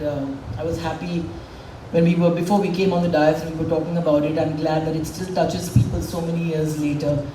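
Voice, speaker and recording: A woman's voice: sits low, dark tone, slight background noise. Woman in her forties, candid and emotional public speech, heard from a distance in a roomy hall. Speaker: speaker at a public event. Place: event hall with a stage. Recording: echoey hall, voice from far off.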